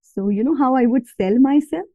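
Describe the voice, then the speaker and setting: A woman's voice: high-pitched, animated, brisk, dry recording, phone-quality sound. A woman from India with an Indian accent, telling her story as a podcast guest in a casual interview, mixing Hindi words into her English.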